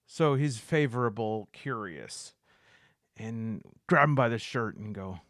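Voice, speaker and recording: A man's voice: on the low side, lively intonation, takes it slowly, fairly bright tone, no room sound, clean studio sound. A man narrating a solo tabletop game, thinking aloud as he reads out dice results. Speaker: solo game player and host.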